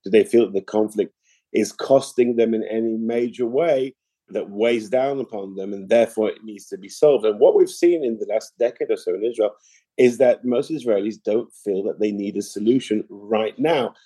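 A middle-aged man with a very dark, mellow voice answers interview questions at length. He is measured and explanatory, and often restarts a phrase. The sound is dry and close, with no room around it. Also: lowish voice, slightly rough, dry recording. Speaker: interview guest, political analyst.

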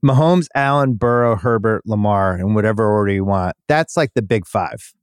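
A man hosting a casual sports betting chat, listing names in quick runs. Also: lowish voice, clear, resonant tone, no echo, clean studio sound. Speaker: sports betting podcast host.

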